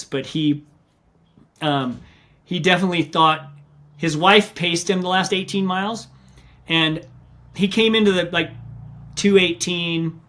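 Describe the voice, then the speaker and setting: Middle-aged guy telling running stories on a podcast, lively, acts out quotes, voice on the high side. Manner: animated storyteller, acts out quotes. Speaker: ultramarathon runner and coach, guest. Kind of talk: podcast interview storytelling.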